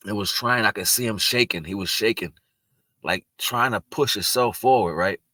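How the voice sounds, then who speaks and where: A man with a very low voice talks to the camera in a loose, unscripted monologue. He sounds earnest and reflective, and his sentences often stall and restart. The recording is dry and close, with no room sound. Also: moderate pace, bright, forceful tone, no echo. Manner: rambling, earnest, spiritual, with frequent restarts. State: tearful at moments. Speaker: vlogger sharing personal reflections. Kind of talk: casual spoken monologue.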